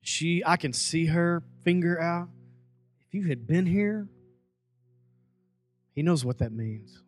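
A man preaching a sermon as pastor, lively, with folksy asides and acted-out quotes. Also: fairly high pitch.

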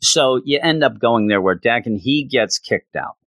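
A man gives a casual video review of a comic, sounding sarcastic and exasperated with what he reads. His speech moves up and down with a very lively pitch. The recording is dry, with no room sound. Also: normal speed, dry recording. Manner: sarcastic, exasperated, acts out characters.

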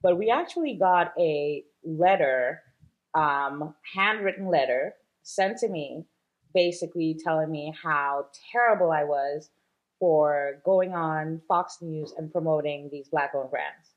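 A woman's voice: deep voice, unhurried, highs cut off. A woman guest in a casual interview, a shop owner talking chattily with many fillers and easy laughs.

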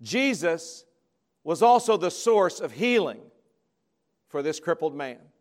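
A man with a notably high voice delivers a sermon to a gathering. He is emphatic, dropping to soft, drawn-out words and then pressing louder on key phrases. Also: sing-song. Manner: emphatic, swings between soft and loud. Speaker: preacher giving a convocation message.

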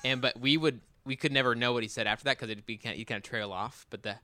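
A man with a bright, crisp voice talks through family stories in a relaxed, casual way. He loses and restarts his thread with easy fillers. The recording is close and dry. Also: mid-range voice, fast talker, no room sound. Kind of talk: casual chat.

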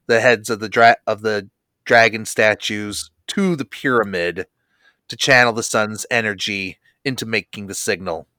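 A man co-hosting a podcast, recapping a cartoon episode with lively storytelling and wry asides. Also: on the low side, moderate pace, no echo. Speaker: podcast co-host.

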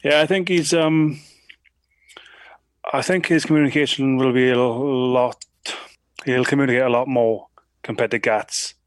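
A man from Wales, a rugby player, answering questions in a relaxed, hesitant way with many pauses. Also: mid-range voice, no echo. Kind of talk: interview answers.

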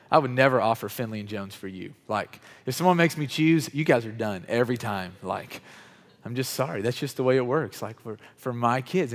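A man preaches in an easy, conversational way, often speaking to people in the room by name, then climbs louder and higher on his main points. His voice sits at an ordinary middle pitch. It carries a long reverb from a church hall and drifts off the mic at times. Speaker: pastor. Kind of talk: sermon.

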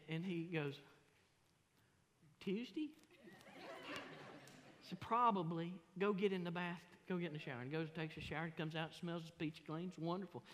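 A middle-aged man, preaching a sermon as pastor in a folksy, animated, self-mocking storytelling way. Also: high-pitched, a little hiss or hum. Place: large church sanctuary. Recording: long hall reverb in a church.

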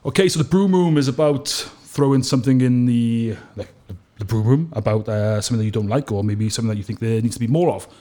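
A man hosting a podcast, chatting casually and enthusiastically and firing off quick questions. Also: medium pitch, dark tone. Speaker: podcast host. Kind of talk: casual interview chat.

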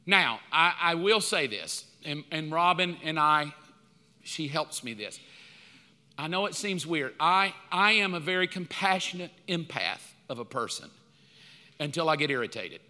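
A male pastor preaches in a high, piercing voice that rings through a long-reverb church hall. He is lively and conversational, and he acts out dialogue with God. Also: unhurried. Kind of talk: sermon. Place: church sanctuary.

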